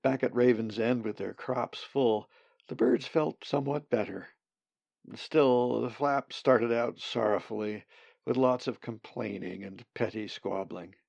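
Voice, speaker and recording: Male narrator, calm storytelling, measured, gravelly, dry close sound. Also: medium pitch, dry recording, highs cut off. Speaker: audiobook narrator. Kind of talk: scripted narration.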